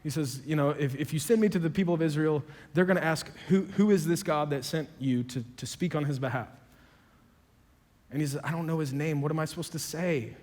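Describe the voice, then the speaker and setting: A man preaching a sermon, telling dialogue in conversational voices and building to loud, emphatic peaks. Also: fairly high pitch, fairly quick. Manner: quotes dialogue in conversational voices, self-described sarcastic. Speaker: pastor. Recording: long hall reverb.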